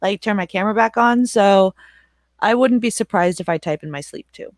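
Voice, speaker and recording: A chatty young woman streamer in a casual talk, laughing often and telling stories in an animated way. She sits close to a dry mic, her voice mid-pitched. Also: a little fast, dry recording. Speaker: streamer and channel moderator. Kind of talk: casual livestream chat.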